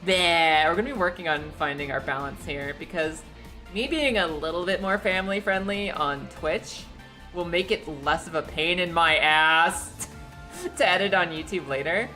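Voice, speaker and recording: A young woman streaming from her living room, chatting casually and animatedly, often laughing and jumping into high excited squeals, her voice slightly echoey. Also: moderate pace, faint music behind. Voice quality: a little echoey today. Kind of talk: casual chat. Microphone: streaming setup.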